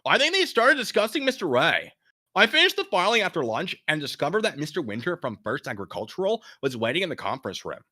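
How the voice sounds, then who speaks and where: A man voicing a shaken, confused young male secretary, telling what happened in a high, strained, halting way. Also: wildly swooping pitch, bright, forceful tone, exaggerated voice.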